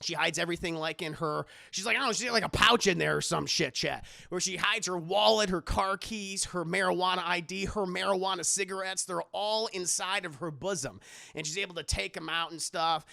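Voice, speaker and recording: A man's voice: sits high, fairly quick, creaky, pushed and bright. A man streaming live, giving a casual, rambling movie recap and laughing at himself. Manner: laughing, rambling, self-mocking.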